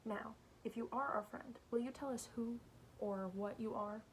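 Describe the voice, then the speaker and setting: Woman reading as a wry, steady teenage boy. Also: moderate pace, slight background noise, natural voice. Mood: firm. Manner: low, firm, wry.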